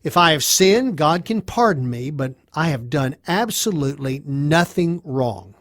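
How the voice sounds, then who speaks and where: A man's voice: on the high side, animated, measured pace, fairly bright tone, no echo, studio quality. A man voicing a suffering, despairing man who pleads his innocence, his voice rising in anguish.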